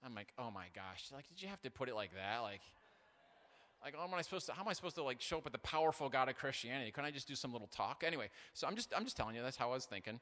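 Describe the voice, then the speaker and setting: This male pastor speaks very fast in a mid-range voice, bright and forceful, as he tells stories in an animated sermon and pokes fun at himself. Fillers and restarts trip him up along the way. The big hall leaves a long reverb after every phrase.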